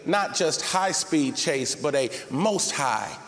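A man preaching a sermon as pastor, reading scripture and building up to shouted, emphatic calls to his congregation. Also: fairly high pitch, expressive, slow pace, a crowd in the background. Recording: reverberant hall with faint noise.

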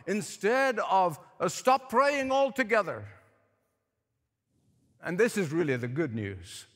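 A man's voice: high-pitched, a bit bright. A man preaching a sermon, emphatic, repeating points for stress and asking his listeners questions. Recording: echoey hall with long reverb.

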